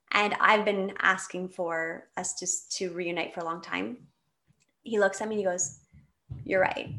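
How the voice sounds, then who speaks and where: A woman's voice: mid-range voice, moderate pace. Candid woman in her thirties telling a story. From Canada. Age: 30s. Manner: candid and animated, with laughs and restarts. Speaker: guest. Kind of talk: personal storytelling in conversation.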